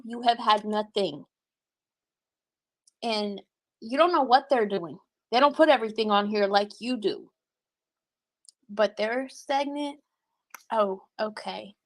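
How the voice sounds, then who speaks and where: A woman livestreaming and reading her chat, talking bluntly with lots of cursing and quick laughs. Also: fairly high pitch, fairly bright tone, no echo. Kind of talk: casual livestream commentary.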